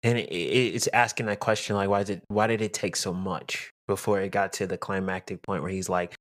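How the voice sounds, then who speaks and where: A man's voice: low voice, fairly even intonation, fairly bright tone, dry recording, clean studio sound. A man in a casual podcast discussion who talks reflectively and often restarts his sentences. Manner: reflective, speaks in halting restarts.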